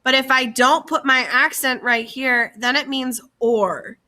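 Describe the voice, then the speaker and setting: Woman, language teacher, slightly high voice, unhurried slide lesson with careful repetition. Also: steady tone, sharp tone. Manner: slow, careful, repeats key words for students. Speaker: French teacher. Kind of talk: slide-based classroom lesson.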